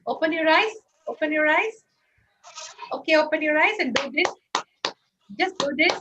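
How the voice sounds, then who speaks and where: A woman's voice: high-pitched, moderate pace, background noise. A woman leading an interactive online workshop, coaxing participants to answer in the chat. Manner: animated, coaxing participants to respond. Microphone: video call. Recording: muffled lo-fi video call audio.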